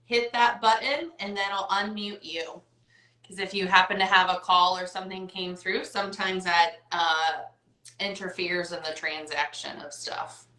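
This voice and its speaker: Bright chatty woman hosting a wellness talk. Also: fairly low pitch, steady tone, a little slow, roomy sound, poor audio. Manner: chatty, upbeat, lots of "like" and "right?". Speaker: host. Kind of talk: casual wellness chat. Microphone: video call.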